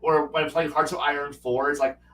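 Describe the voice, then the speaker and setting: A man's voice: on the high side, flat delivery, normal speed, sharp tone, slight background noise. A man hosting a livestream who chats casually about strategy games, rambling with many restarts and acting out quotes. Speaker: livestream host. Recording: roomy, with a distant mic.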